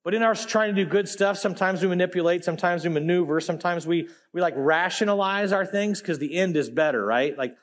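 A man preaching a sermon in a casual, animated way, full of slang, swinging between loud emphatic bursts and quiet low asides. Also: a little fast, hardly any pauses.

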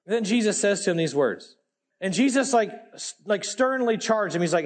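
A man preaching a sermon in a casual, animated way, full of slang, swinging between loud emphatic bursts and quiet low asides. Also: brisk.

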